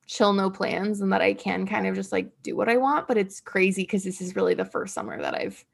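Young woman, twenties, casual chat, vocal fry, self-deprecating, laughs a lot. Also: mid-range voice, expressive, a little fast. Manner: chatty, self-deprecating, laughs often, lots of fillers.

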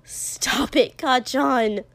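A woman's voice: high voice, drawn-out words, a bit bright, exaggerated voice. A woman voicing a hurt, cutting teenage boy. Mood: pleading. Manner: raised, vicious pleading.

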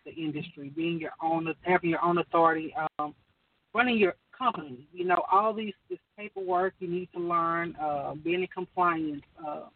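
On a distant, tinny phone line, a woman with a lowish voice chats casually at normal speed, with no echo. She's a caller sharing business advice, talking earnestly about running her own business and rambling with plenty of fillers.

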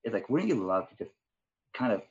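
A man's voice: mid-range voice, big pitch swings, brisk, vocal fry, breathy edge, dull audio. A man talking in a casual podcast chat, rambling with many fillers and restarts. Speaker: departing guest.

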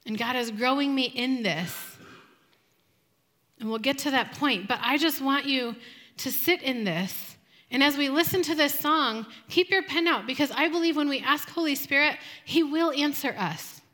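Soft-spoken earnest woman, high and bright. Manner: soft, slow, earnest, with reflective pauses. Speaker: women's group speaker. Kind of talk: devotional talk.

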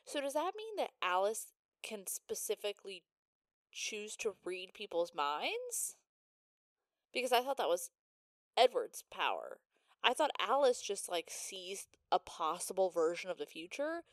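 A woman co-hosting a podcast who questions and riffs on a movie's logic in animated, casual talk, with frequent swearing and giggles. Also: medium pitch, measured pace, no echo, clean studio sound. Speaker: podcast co-host. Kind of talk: casual chat recapping a movie.

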